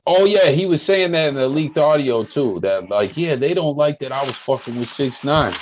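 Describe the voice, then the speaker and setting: A man's voice: medium pitch, lively intonation, normal speed. A man co-hosting a podcast in casual chat, slangy and rambling with lots of fillers. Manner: slangy, rambling, full of "like" and "bro". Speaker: podcast co-host. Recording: muffled lo-fi audio with faint hiss.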